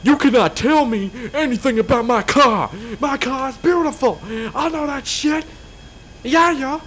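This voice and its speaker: A man doing a high, cocky rapper voice. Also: unhurried, fairly bright tone. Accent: Canadian. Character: boastful male rapper impression, high and cocky.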